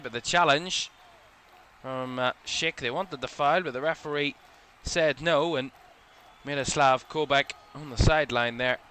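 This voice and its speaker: Bright-voiced man calling football live. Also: mid-range voice, a little hiss or hum. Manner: relaxed, chatty, thinking aloud with small self-corrections. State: yawning, a little drowsy. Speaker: watchalong commentator. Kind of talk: live play-by-play football commentary.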